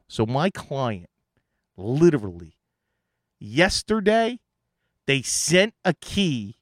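A man's voice: medium pitch, very animated, slow, pauses often, dry recording, studio quality. A man, an IT consultant, telling an exasperated story in a casual monologue.

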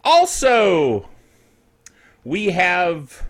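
A middle-aged man chats through his solo netcast with a high, bright voice. His pitch swings widely as he jokes and wanders into playful asides. Light, animated delivery. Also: very slow. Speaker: podcast host. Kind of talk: casual solo netcast chat.

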